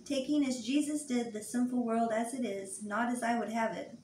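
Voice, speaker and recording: A woman co-leading a church group, speaking softly and leading a recited prayer from off mic. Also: a little high, steady tone, normal speed. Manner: soft, brief affirmations. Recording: echoey room, off-mic, with hum.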